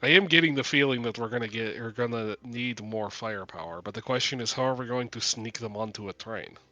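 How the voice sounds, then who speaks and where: Male player, bright and a bit low, practical planner, dry sound. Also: a little fast, no room sound, lo-fi sound. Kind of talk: casual game table chat.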